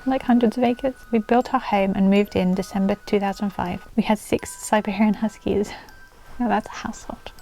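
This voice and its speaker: A woman's voice: mid-range voice, steady tone, moderate pace, gravelly, a little mellow, soft background music. Chatty woman reading spooky stories. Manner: chatty, breaks off to coax her dog in a sing-song voice. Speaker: channel host reading viewer stories. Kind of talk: casual storytelling vlog. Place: at home with her dog.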